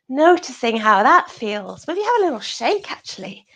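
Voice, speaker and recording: A British woman teaching a yoga class over a video call, giving soft breathy cues that often drop to a whisper. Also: fairly high pitch, very animated, moderate pace, hardly any pauses. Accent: British English.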